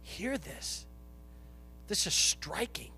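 A man preaching a sermon with passion, rising to shouts and acting out the voices of biblical figures. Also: high voice, animated, drawn-out words, long reverb tail, soft background music.

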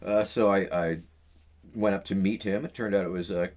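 A man's voice: low voice, fairly even intonation, brisk, darkish tone. A middle-aged man, an interview guest, telling stories in a rambling way full of uh and um fillers. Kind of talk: casual storytelling in an interview.

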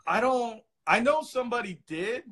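A man chatting casually as a guest, telling fishing stories in an excited, swearing, slangy way. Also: extremely high pitch, normal speed, over a noisy crowd. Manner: excitable storyteller, heavy swearing and "dude". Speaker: guest angler. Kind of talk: casual podcast chat.

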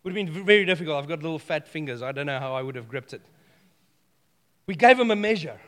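A man preaching a sermon, animated and playful, telling stories with humor. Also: on the high side, quick pace, big-room sound.

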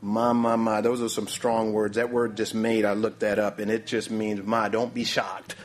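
A man's voice: lowish voice, level tone, normal speed. A man preaching a sermon, often stopping to say "my, my, my" and asking for the next slide. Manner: repeats "my, my, my", calls for the next slide.

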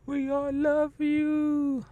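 A man putting on a high falsetto to voice frantic young women pleading over a friend. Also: monotone, very slow, warm tone, full character voice. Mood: worried. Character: panicked young female friends of a passenger.

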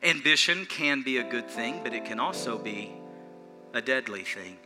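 A pastor preaching an earnest, animated sermon in a church, repeating phrases for emphasis and chuckling between points. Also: male voice, mid-range voice, moderate pace, music in the background.

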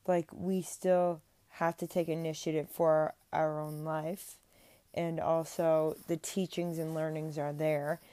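A woman's voice: low-pitched, flat delivery, slow pace, mellow, no echo. A young woman talking into a mic at home in a casual, earnest, rambling monologue about her faith, with many restarts and fillers. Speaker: faith vlogger. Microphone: speaking into a mic.

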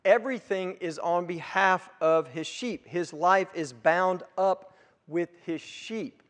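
A man preaching a sermon as pastor, emphatic, swelling loud on key words and dropping low on others. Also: takes it slowly. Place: church sanctuary. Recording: long reverb of a church hall.

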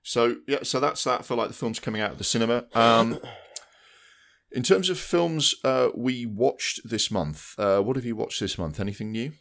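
A man's voice: medium pitch, lively intonation, moderate pace, creaky, a bit bright. A man co-hosting a podcast, chatting casually about new releases and rambling through restarts. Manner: rambling, restarts mid-sentence. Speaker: podcast co-host. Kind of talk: casual film chat.

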